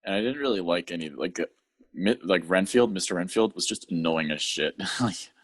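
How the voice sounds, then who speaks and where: A man's voice: low voice, expressive, normal speed. A man co-hosting a podcast in casual chat, rambling with lots of fillers and acting out scenes in silly voices. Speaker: podcast co-host.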